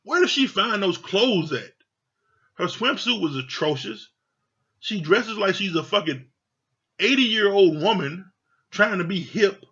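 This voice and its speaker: A man rants through his review of a reality TV show in a fairly high voice, blunt and heavy on profanity. His delivery is casual and heated, like a vlogger venting to his viewers. The recording sounds dull and lo-fi. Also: lively intonation, a little slow, long pauses, bright, forceful tone, slightly rough.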